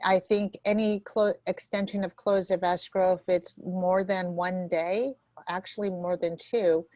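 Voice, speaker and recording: A woman running a real estate training session, walking through contract forms in a quick, nervous way with many fillers and restarts. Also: on the low side, steady tone, darkish tone, no echo.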